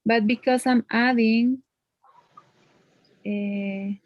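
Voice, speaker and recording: A woman's voice: fairly high pitch, fairly even intonation, drawn-out words, dull audio. A woman teaching English grammar one on one, explaining patiently and checking in with tag questions.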